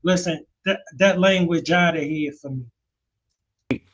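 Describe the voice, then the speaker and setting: A man's voice: fairly high pitch, slow, fairly bright tone, highs cut off. A man hosting a podcast, giving earnest, preachy commentary and addressing listeners as family. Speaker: podcast host. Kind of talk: opinionated commentary.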